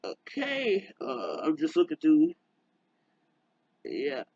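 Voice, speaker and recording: A YouTuber rants casually to camera in a slightly raised, husky, somewhat mellow voice, his pitch swooping wildly. He rambles and halts, using many fillers, trailing off and restarting repeatedly. The audio is dry, dull, and roomless, like a cheap home microphone.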